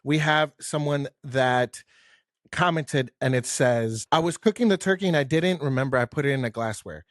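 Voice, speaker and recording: A man's voice: medium pitch, moderate pace, dry recording, studio quality. A man hosting a casual podcast chat, talking loosely and chiming in with frequent affirmations. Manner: chatty, frequent affirming fillers. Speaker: podcast host.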